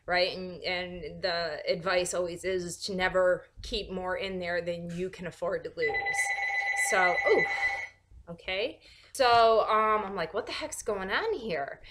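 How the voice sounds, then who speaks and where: A woman's voice: fairly low pitch, measured pace. Give me a woman venting sarcastically in a casual home vlog, restarting her sentences. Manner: animated, sarcastic, many fillers and restarts. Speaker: vlogger. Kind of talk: casual ranting monologue.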